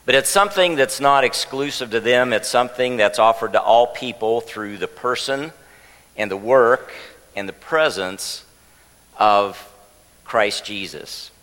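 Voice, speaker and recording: A man's voice: mid-range voice, measured pace, big-room sound, rough recording. A man preaching a sermon as pastor, teaching with light jokes and getting the congregation to repeat a word with him. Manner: warm, joking teacher leading the congregation. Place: church sanctuary.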